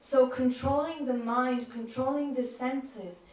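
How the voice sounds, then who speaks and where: A woman giving a devotional talk, telling stories gently and acting out the voices in them. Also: high-pitched, steady tone, slow pace. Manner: gentle storyteller who acts out quoted voices. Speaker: devotional speaker. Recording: echoey room, far from mic.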